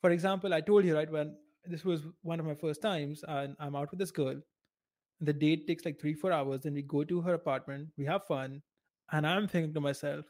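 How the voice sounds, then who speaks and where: A man's voice: on the high side, steady tone, moderate pace, a little mellow. A man co-hosting a podcast in casual chat, blunt and laughing at his own stories. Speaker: podcast co-host.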